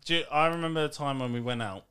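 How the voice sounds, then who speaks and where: A man's voice: fairly high pitch, fast talker. A young man co-hosting a podcast, talking bluntly and animatedly, acting out exchanges as he argues. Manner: animated, blunt, acts out dialogue in bursts. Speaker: podcast co-host. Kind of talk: casual chat.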